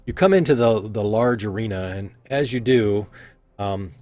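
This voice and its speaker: A man's voice: lowish voice, moderate pace, a little mellow, dry recording. A man narrating as game master in a loose, rambling way with many fillers. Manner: loose, full of fillers and hedging "kinda".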